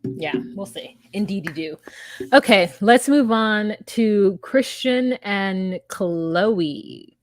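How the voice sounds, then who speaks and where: A woman's voice: mid-range voice, animated, takes it slowly, no room sound. A woman co-hosting a casual podcast, talking bluntly and swearing freely. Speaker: podcast co-host. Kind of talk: casual chat.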